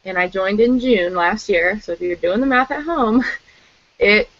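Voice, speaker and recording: A woman's voice: medium pitch, unhurried, a bit bright, no room sound. Young woman, chatty and candid, filler-heavy, dull lo-fi call sound. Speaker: team member sharing advice. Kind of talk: casual group call. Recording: muffled lo-fi call audio.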